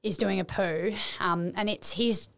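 A woman's voice: mid-range voice, fairly even intonation, gravelly. Playful Australian woman. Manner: playful, laughs often, quick banter. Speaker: podcast guest, pet expert. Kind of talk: casual chat.

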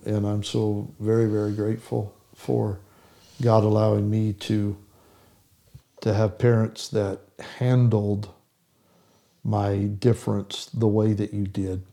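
A man's voice: fairly low pitch, creaky, dark tone. A man hosting a podcast, speaking with earnest, emotional gratitude. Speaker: podcast host. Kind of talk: casual podcast talk.

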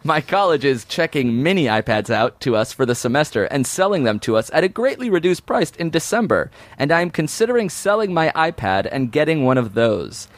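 A male podcast host chats casually and teases his friends with dry asides. His pitch moves a lot as he talks. The sound is close and dry, with no room echo. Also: very animated, brisk, few pauses. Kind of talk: casual podcast chat, reading listener email.

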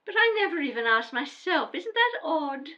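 Brief: actress as middle-aged daughter, firm and emphatic, bright and very expressive. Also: female voice, high-pitched, moderate pace, dull audio, heavily acted. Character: grown daughter, housewife, proud and defensive. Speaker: adult daughter. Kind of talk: audio drama dialogue.

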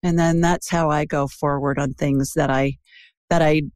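A woman's voice: low-pitched, normal speed, dry recording. Chatty woman host, dry close sound. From Ohio. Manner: chatty, digressive, animated. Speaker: intuitive show host. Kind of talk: call-in show chat. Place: Birmingham.

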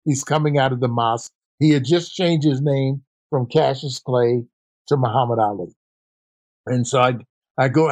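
A man's voice: mid-range voice, normal speed, no room sound. An older man, a former basketball player and coach, telling stories in an interview and acting out the voices of the people in them. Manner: animated, acts out quoted voices. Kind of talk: storytelling interview answer.

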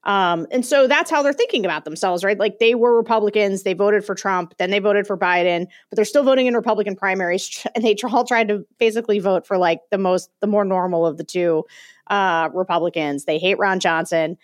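A woman co-hosting a podcast, telling an animated story in casual chat and laughing often. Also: medium pitch, a little fast, dry recording, studio quality. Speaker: podcast co-host.

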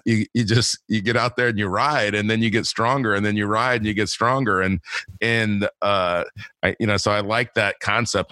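Low-voiced male podcast host. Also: a bit bright, no echo. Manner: talkative, rambling with restarts. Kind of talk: casual podcast interview.

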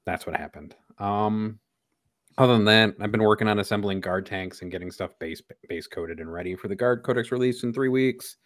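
A man's voice: fairly low pitch, fairly quick. A man with a Midwestern accent, co-hosting a casual podcast in a laid-back, wry way. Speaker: podcast co-host.

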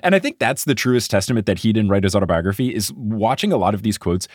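Male podcast co-host, deep voice, dry close mic, casual chat, laughs a lot. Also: fast, dry recording. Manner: laughs often, animated storytelling.

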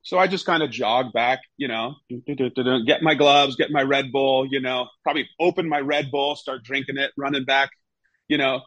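The audio is poor, with no room sound, carrying a medium-pitched male voice. He's a former goalkeeper recounting stories in a relaxed interview, animatedly mimicking his coaches in a raised voice.

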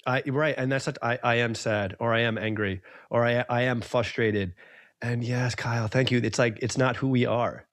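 Guy hosting a podcast, earnest and emphatic, super dry close sound, mid pitch. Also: steady tone, moderate pace, fairly bright tone, no room sound. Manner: earnest, emphatic, repeats his points. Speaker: podcast host. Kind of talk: casual podcast conversation.

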